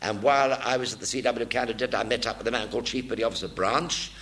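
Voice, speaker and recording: An older man giving a lively storytelling talk to an audience in a theatre. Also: medium pitch, fast talker, slight background noise. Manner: animated anecdotal delivery, voice swings from hushed to loud. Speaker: war veteran speaker. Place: theatre stage.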